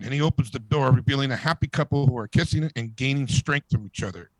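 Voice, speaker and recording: A man co-hosting a comedy podcast, reading a long joke aloud in an animated storytelling way and laughing at it. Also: mid-range voice, fast, hardly any pauses, no room sound, poor audio. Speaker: podcast co-host.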